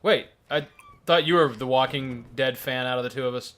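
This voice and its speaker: A man playing a video game on a let's play show, excitable, swearing freely and muttering to himself about his inventory. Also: medium pitch, a little fast. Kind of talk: casual gaming commentary.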